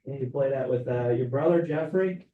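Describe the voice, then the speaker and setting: A man's voice: medium pitch, fairly quick, narrow, tinny audio, a little hiss or hum. A male teacher giving a casual classroom lecture, often checking in with "right?". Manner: casual, keeps asking "right?". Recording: roomy classroom, mic far off.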